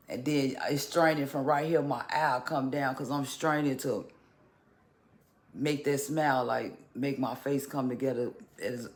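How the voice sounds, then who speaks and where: A man talking casually to camera in a vlog, halting and restarting, with occasional stutters. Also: medium pitch. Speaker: vlogger.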